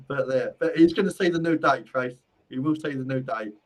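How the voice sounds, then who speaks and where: A man's voice: medium pitch, poor audio. Rambling man giving psychic readings. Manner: rambling, repeats phrases, stumbles on restarts. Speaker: spiritual medium and host. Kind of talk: live-stream psychic readings.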